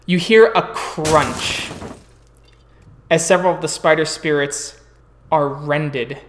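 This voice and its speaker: A man's voice: on the high side, takes it slowly, echoey room, background noise. Man narrating as game master.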